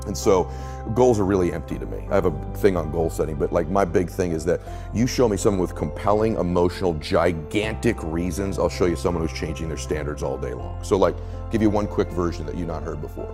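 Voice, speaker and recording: A man's voice: sits low, a little fast, music in the background. A middle-aged man in a motivational interview, telling stories emphatically and acting out quoted lines. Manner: emphatic, storytelling, acts out quotes. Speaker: interview guest, coach.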